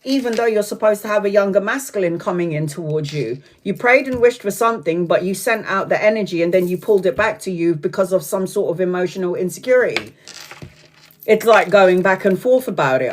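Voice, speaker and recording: A woman's voice: medium pitch, expressive, brisk. A woman in her forties from Brazil, reading tarot on a live stream, blunt and chatty, swearing freely and laughing often. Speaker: tarot reader.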